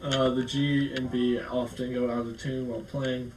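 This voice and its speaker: A man's voice: medium pitch, flat delivery, moderate pace, heavy background noise. A man casually showing off a guitar, rambling with fillers and restarts as he talks. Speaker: guitar vlogger. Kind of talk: casual show-and-tell. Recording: echoey room, faint music.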